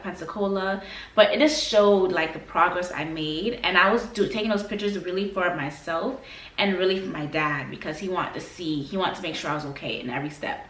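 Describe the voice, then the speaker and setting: Animated woman vlogger, roomy sound. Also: fairly low pitch. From Florida. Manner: animated, emphatic, slangy. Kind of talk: casual sit-down storytelling. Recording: roomy, mic a bit far.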